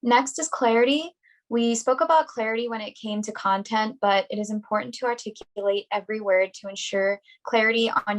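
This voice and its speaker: A woman's voice: medium pitch, rough recording. Woman presenting a workshop over a video call. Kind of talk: reading a prepared presentation.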